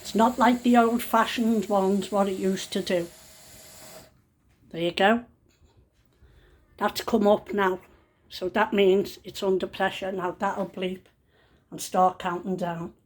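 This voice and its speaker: A woman's voice: medium pitch, fairly even intonation, slow pace, long pauses. An older woman, a grandmother cooking at home, who talks in a chatty, rambling way and often corrects herself mid-sentence. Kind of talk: casual cooking vlog. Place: home kitchen.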